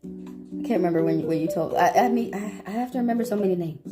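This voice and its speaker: A young woman giving tarot readings on a casual livestream, talking in a profane, rambling, animated way. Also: on the low side, fast talker. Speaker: tarot reader. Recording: guitar music playing behind.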